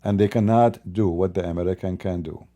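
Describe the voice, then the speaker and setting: Male host, solo commentary into his own mic, low and mellow, insistent and repetitive. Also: steady tone, a little fast. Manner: emphatic, builds repetitive lists. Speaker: channel host commenting on politics. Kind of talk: unscripted commentary monologue. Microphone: own microphone.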